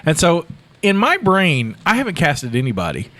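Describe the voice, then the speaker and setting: A man's voice: fairly high pitch, normal speed. A man hosting a casual podcast chat, telling stories with lots of laughter and acted-out quotes. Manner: animated storyteller, acts out quotes with laughs. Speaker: podcast host.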